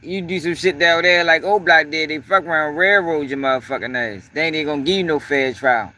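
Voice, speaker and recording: Brisk, bright, and forceful, this slightly high male voice comes with a faint hiss or hum. He's a livestream host talking casually with plenty of profanity, constant "yo"s, and breaks to greet the chat.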